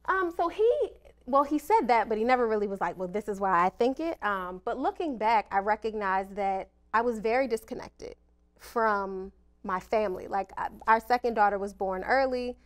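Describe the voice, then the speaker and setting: Thirties social worker lady, candid and reflective, even middle pitch. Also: normal speed. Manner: candid, reflective, laughs at herself. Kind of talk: personal interview talk.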